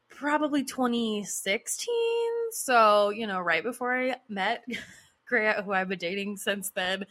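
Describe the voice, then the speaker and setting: Her voice is mid-range and sharp: a woman in her thirties chatting her way through casual anecdotes. Fillers come thick and fast, and she breaks into laughter frequently as the monologue goes on.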